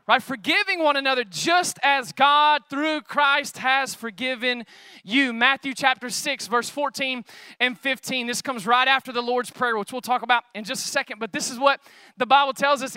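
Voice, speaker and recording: Young man, pastor, very high voice, dry close sound, lively sermon, calls to the congregation. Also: clean tone, dry recording. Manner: casual and chatty with fillers.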